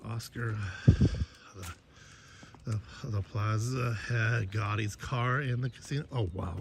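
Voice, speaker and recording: A man's voice: lowish voice, steady tone, a little slow, background noise. A man chatting casually while walking his neighborhood, rambling and swearing as he gossips about the neighbors. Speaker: vlogger. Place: outdoors in a neighborhood.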